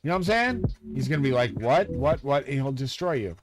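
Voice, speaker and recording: Very animated and talking fast in a mid-range voice, a man rants on his live stream straight at his viewers. The monologue is profane, agitated and grandiose, set against loud music.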